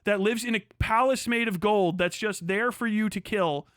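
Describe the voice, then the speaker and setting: A young Kentucky streamer goes on a profane political rant during a livestream, mocking and crude, often cracking up laughing. His voice sits high and a bit bright at normal speed, captured in a dry, studio-quality recording.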